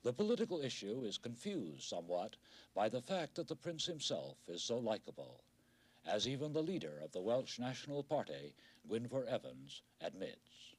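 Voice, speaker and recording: A middle-aged man narrating a television news report in a measured, wry documentary style. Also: mid-range voice, sing-song, breathy edge.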